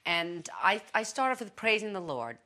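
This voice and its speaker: A middle-aged woman chatting as an interview guest, lively and full of restarts. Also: medium pitch, moderate pace. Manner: chatty, animated, with many restarts. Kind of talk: casual testimony.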